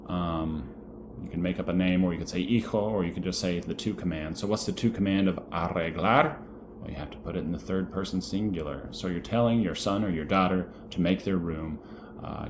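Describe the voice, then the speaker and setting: A man with a deep, low voice teaches a recorded lesson to his students. He is friendly and encouraging and walks them through vocabulary aloud. There is a faint hiss of noise behind him. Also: moderate pace. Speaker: Spanish teacher.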